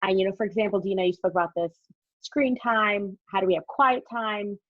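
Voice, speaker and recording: A woman's voice: mid-range voice, steady tone, brisk, no echo. A woman moderating an online talk, speaking hesitantly with many fillers and restarts. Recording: dull, dry sound.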